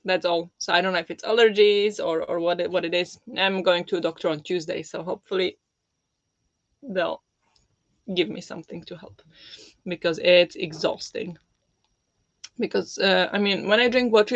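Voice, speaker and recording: A livestream host chatting casually with viewers, speaking softly and holding the voice low because of a sore, swollen throat. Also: no room sound, dull audio. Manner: talking softly with a held-back, lowered voice. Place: home.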